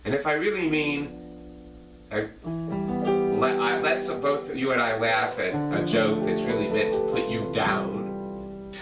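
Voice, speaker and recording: A man rambling in a halting, self-interrupting way as he speaks straight to one person, thinking aloud. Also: medium pitch. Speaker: video blogger. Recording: roomy, distant mic, loud guitar music. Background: loud guitar music.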